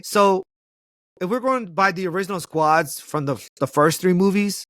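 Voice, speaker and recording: Animated, slangy man with a higher voice. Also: normal speed, no room sound, studio quality. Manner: animated, slangy, laughs often. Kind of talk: casual movie chat.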